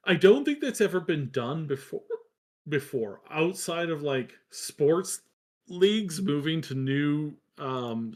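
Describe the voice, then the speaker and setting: A man co-hosting a live gaming news stream, giving wry, sarcastic commentary in casual chat. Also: on the high side.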